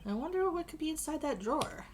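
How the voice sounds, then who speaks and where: A woman's voice: high-pitched, expressive, fast. A woman streaming a game, reading the dialogue aloud with joking, crude asides and a strained voice.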